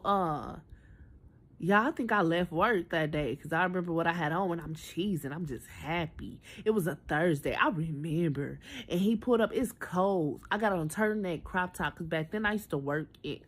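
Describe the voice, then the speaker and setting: A woman in her twenties telling a personal story in a chatty, animated storytime style, talking straight to her viewers. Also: on the low side. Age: 20s. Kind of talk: casual storytime.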